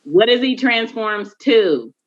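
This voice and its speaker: A woman's voice: fairly high pitch, lively intonation, slow. A woman hosting a podcast in casual chat, blunt, joking and profane. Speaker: podcast host. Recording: dull lo-fi recording.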